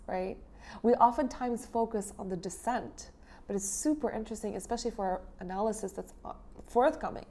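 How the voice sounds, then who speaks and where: A woman's voice: mid-range voice, dark tone. A woman hosting her channel, casually retelling an ancient poem in a chatty, irreverent way with fillers and the odd swear word. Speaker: host.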